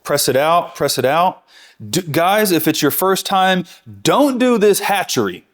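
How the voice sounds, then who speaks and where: A man's voice: high voice, lively intonation, measured pace. A man in a casual, enthusiastic cooking lesson, talking his viewers through a task step by step and correcting himself as he goes. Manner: enthusiastic, chatty, self-correcting. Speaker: barbecue instructor. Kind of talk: real-time cooking tutorial.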